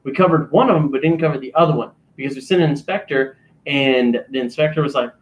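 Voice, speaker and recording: A man telling crude, animated stories on a casual podcast, acting out both sides of phone calls. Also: medium pitch, fast talker. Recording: slightly dull lo-fi mic.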